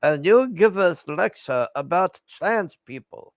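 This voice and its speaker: A man's voice: high-pitched, animated, slow, no echo, voice pushed up, heavily acted. A man muttering as a scornful woman in a church pew.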